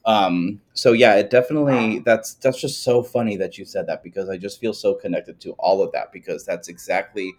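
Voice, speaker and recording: A man's voice: fairly low pitch, fairly quick, hardly any pauses. A man hosting a podcast from home. He is a former teacher and chats enthusiastically, agreeing often. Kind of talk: casual conversation. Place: at home with dogs nearby.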